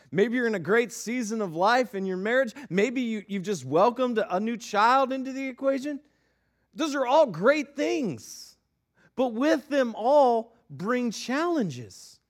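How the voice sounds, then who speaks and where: A middle-aged man, a pastor, preaching a sermon in a church and telling family stories with animated delivery. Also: very high-pitched. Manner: animated storyteller, acting out his kids and himself. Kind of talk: sermon with personal storytelling. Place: church sanctuary.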